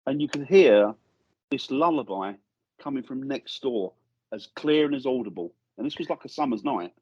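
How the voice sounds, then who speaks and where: A man, a guest paranormal investigator, telling a lively story in casual chat and acting out the voices he quotes. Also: mid-range voice, normal speed, highs cut off. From England. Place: studio.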